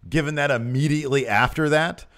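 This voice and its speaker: A man co-hosting a podcast, chatting casually about wrestling and jumping up high when he quotes people. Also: a little fast. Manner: animated, jumps up in pitch when quoting people. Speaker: podcast co-host. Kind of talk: casual wrestling recap chat.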